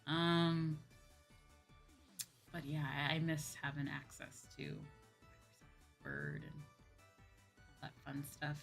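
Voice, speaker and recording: A woman's voice: low voice, very animated, takes it slowly, gravelly, pauses often, faint music behind. A woman streamer chatting casually to her viewers, rambling and repeating herself with lots of fillers. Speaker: VTuber streamer.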